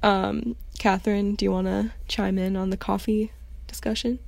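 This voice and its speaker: A woman's voice: medium pitch, flat delivery, moderate pace, vocal fry, a little mellow, no echo. A young woman co-hosting a student podcast, recommending places with upbeat enthusiasm. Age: young adult. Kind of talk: casual chat.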